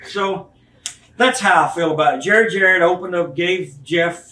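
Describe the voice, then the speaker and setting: A man's voice: high voice, normal speed, pushed and bright. A man in his fifties, a retired wrestler giving a candid interview, blunt and profane, acting out the people he talks about. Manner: blunt, profane storytelling, acts out quoted people. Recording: echoey room, mic at a distance, faint hiss.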